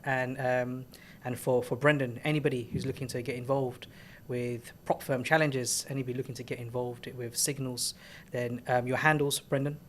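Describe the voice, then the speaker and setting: A man's voice: medium pitch, flat delivery, moderate pace, few pauses, a little hiss or hum. A man hosting a podcast, wrapping up casually with encouraging words and plenty of fillers. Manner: warm, encouraging, many fillers. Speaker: podcast host, trading educator. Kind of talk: casual chat.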